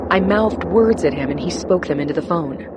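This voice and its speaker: A woman narrating a crime thriller audiobook in first person, steady and measured. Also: lowish voice, very noisy.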